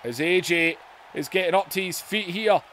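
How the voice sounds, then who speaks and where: A man hosting a gaming video, giving excited wrestling-style play-by-play that bursts into shouts. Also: sits high, normal speed. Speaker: YouTube gaming host.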